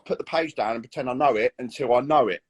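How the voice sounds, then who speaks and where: A British man in his thirties chatting as an actor guest in an interview, animated and full of acted-out quotes. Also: mid-range voice, fast, breathy edge. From Britain. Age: 30s. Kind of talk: casual interview chat.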